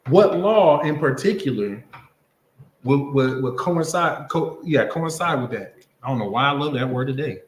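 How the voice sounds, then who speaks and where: In a room with a roomy echo, a man with a medium-pitched voice and lively intonation teaches a Bible class at a normal pace. His preaching is casual and conversational, and he keeps checking in with his listeners by asking "you understand?"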